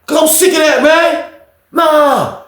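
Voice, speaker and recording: A man voicing an angry older male inmate who shouts indignantly and curses. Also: very high-pitched, slow pace, pitched above the performer's own voice, exaggerated voice. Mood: furious shouting. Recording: roomy echo.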